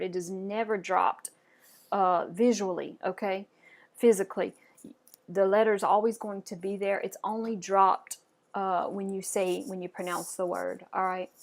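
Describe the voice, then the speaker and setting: A woman gives a French pronunciation lesson, modeling words clearly and waiting for listeners to repeat them. Her voice sits at an ordinary middle pitch. She sounds patient and upbeat and praises each attempt. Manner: patient, encouraging, with frequent "okay?" and "all right". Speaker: French teacher.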